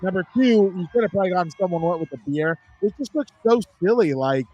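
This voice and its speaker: High-voiced ranting man. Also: lively intonation, fast talker, darkish tone, slightly rough, dull audio. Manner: opinionated, ranting. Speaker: sports show co-host. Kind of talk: casual sports chat.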